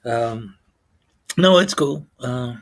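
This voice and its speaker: A man talks loosely to his channel's viewers, looping back on himself with frequent fillers. His voice sits in an ordinary middle pitch, relaxed and conversational. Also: drawn-out words. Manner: rambling, many fillers and restarts. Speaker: YouTube channel host. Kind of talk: casual livestream chat.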